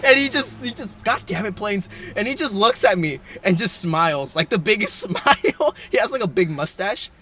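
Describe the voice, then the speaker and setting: A man's voice: high-pitched, expressive, moderate pace, hardly any pauses, sharp tone, a little hiss or hum. A young man co-hosting a podcast in casual chat, laughing often and swearing casually. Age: young adult. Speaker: podcast co-host.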